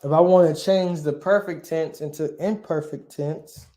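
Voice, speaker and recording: A man's voice: a little high, normal speed, warm tone, roomy sound. A male teacher giving a grammar lesson, asking his class questions and answering them himself, often checking with "right?".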